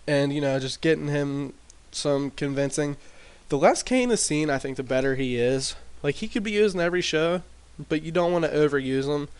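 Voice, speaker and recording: A man casually recapping his wrestling sim game in a rambling way, with lots of fillers and restarts, talking into a desk mic turned up loud. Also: a little high, moderate pace, smooth. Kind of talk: casual commentary over gameplay. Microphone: desk mic with boosted gain.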